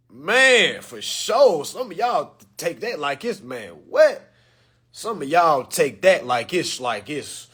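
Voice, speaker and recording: Husky slangy man talking to camera. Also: measured pace. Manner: loose slangy delivery, swings from loud and animated to low and quiet. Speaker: social media creator. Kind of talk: casual talk to camera for followers. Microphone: phone or camera mic.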